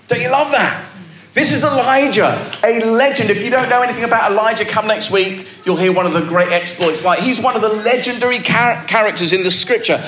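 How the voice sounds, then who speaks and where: A man's voice: high-pitched, fairly bright tone, reverberant. A male pastor preaching a sermon to a congregation, emphatic and calling out to the listeners. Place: church with a live congregation.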